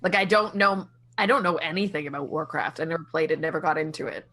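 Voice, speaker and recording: A woman's voice: deep voice, steady tone, quick pace, sharp tone. A woman hosting a casual gaming podcast, chatty and upbeat as she leads the group through the segments over a video call. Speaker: podcast host.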